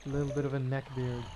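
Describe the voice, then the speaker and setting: This young streamer from Belgium has a mid-range voice and chats in a friendly, casual way with viewers during gameplay, repeating himself and naming people in chat. The background is noisy, with game music playing.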